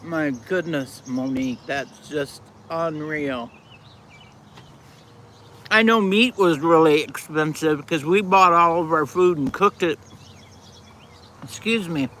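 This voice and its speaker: Slow, bright-voiced older woman chatting. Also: sits low, a little hiss or hum. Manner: blunt, folksy, talks while eating. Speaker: live-stream host. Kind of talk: casual live-stream chat with viewers.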